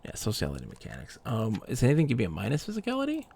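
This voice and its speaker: A man's voice: mid-range voice, wildly swooping pitch, very fast, vocal fry, darkish tone, a little hiss or hum. A man streaming live gameplay, muttering to himself and reading item text aloud as he plays.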